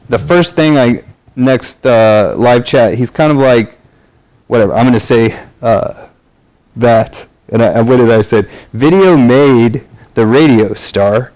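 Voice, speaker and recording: Meandering and casual, a Southern US vlogger speaks to camera, filling his monologue with fillers and false starts. His mid-range voice has a darkish tone, captured on a rough recording.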